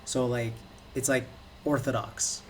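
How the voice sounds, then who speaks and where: A man's voice: mid-range voice, level tone, a little slow. A man in casual podcast chat, explaining things in a loose, lecturing way full of "like" and "um". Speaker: podcast co-host. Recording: distant mic with faint background noise.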